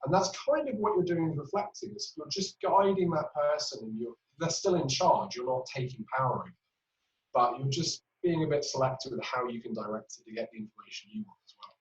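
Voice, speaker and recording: A man's voice: on the high side, sing-song, brisk. Give me a man explaining clinical skills, recorded distant and muffled. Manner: explanatory, uses patient examples and hesitant fillers. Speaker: clinical trainer. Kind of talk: webinar teaching. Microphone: webinar recording. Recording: roomy, distant, dull audio.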